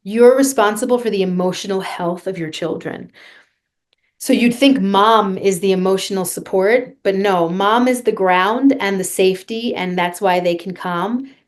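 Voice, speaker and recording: A woman's voice: mid-range voice, moderate pace. A woman vocal coach being interviewed on a podcast, talking earnestly and guiding listeners through a breathing exercise.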